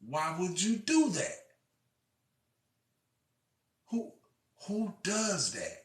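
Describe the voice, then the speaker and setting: A man's voice: high-pitched, wildly swooping pitch, extremely slow. Impassioned man, echoey and far off. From Illinois. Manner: impassioned, swings from shouting to quiet; profane, repeats himself. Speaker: storyteller. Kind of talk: preaching monologue. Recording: echoey room, far from mic.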